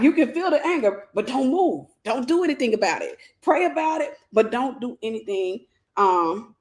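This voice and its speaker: A woman teaching a faith-based life lesson in a conversational way, telling stories with playful asides and acted-out voices. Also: medium pitch. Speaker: Christian teacher and mentor.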